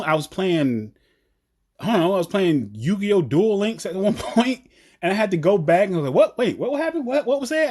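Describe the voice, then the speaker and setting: A man from the American South with a Southern accent, giving a blunt, animated opinion rant about a TV show. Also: on the high side. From Southern United States. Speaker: TV commentator.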